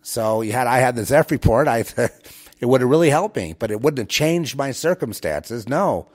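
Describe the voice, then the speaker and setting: An animated man with a mid-range, darkish voice runs his own show at a normal speed. Speaking right to his listeners, he delivers a rambling, preachy monologue packed with false starts and repetitions.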